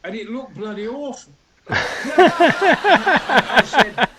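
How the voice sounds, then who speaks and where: A crowd can be heard behind this extremely slow, roughly recorded talk show guest, a man in his eighties from Yorkshire, England. He tells stories with theatrical flair, voicing each character himself in a booming manner punctuated by sudden loud outbursts.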